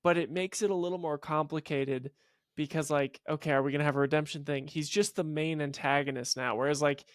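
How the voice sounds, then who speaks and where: Excitable man with a higher voice. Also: a little fast, no echo, clean studio sound. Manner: excitable, swears a lot. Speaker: podcast co-host. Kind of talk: casual chat.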